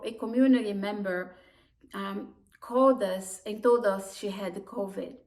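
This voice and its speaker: Slow, halting woman telling her own story. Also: mid-range voice. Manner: halting, emotional, with broken restarts. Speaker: immigrant community worker. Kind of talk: personal storytelling. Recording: voice distant from the mic.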